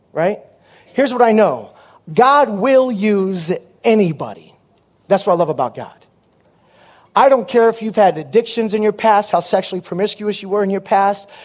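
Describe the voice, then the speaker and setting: A man preaching a sermon as a comic story, punchy and animated, with quick asides to the crowd. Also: sits high.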